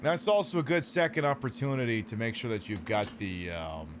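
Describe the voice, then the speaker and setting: A man's voice: medium pitch, very animated, fairly quick, background noise. A man casually commenting on a game he is streaming, sarcastic and profane, rambling between topics.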